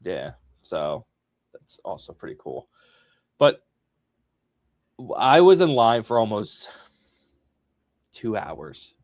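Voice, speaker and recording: A man co-hosting a podcast, chatting casually and telling a story with big swings between loud and soft. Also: on the low side, big pitch swings, takes it slowly, long pauses, no room sound, studio quality. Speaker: podcast co-host.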